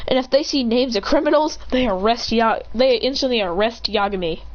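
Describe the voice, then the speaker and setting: A woman's voice: fairly high pitch, a little fast, a little hiss or hum. A woman telling a story in a casual, rambling way, swearing and jumping between asides. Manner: rambling, swearing, acts out character voices. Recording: dull lo-fi recording.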